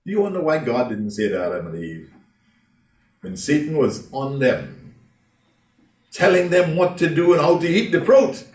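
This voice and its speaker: A man's voice: a little high, sing-song, unhurried, long pauses, darkish tone. A man preaching a sermon to a congregation, telling the story dramatically and asking them rhetorical questions. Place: church hall. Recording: roomy hall, from a distance.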